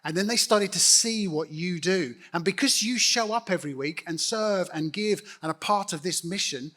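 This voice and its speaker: A man's voice: high voice, normal speed, pushed and bright. A middle-aged man, a church network leader speaking earnestly and directly to a congregation in an on-stage interview. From United Kingdom. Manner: earnest, direct, appealing to the audience.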